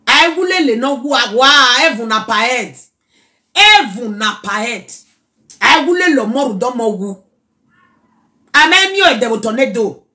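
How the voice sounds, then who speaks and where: A woman with a Nigerian accent giving an animated reaction rant in Pidgin, now and then breaking into song. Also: a little high. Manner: animated, preachy, mixes Pidgin and local language, breaks into song.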